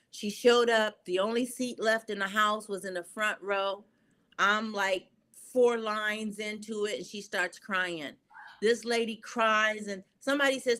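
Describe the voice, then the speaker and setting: An earnest woman speaking as an interview guest, her voice pitched in an ordinary middle range. She tells her stories with feeling, pausing on fillers as she gathers her thoughts. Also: fairly even intonation, fairly bright tone. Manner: earnest, emotional, halting with fillers. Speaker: guest, poet and filmmaker. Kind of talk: storytelling interview talk.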